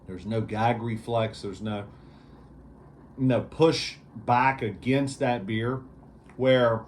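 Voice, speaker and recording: A man's voice: medium pitch, fairly even intonation, takes it slowly, a little mellow, a little hiss or hum. A man hosting a casual vlog review, talking in an easygoing, rambling way with lots of fillers. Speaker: beer reviewer, show host.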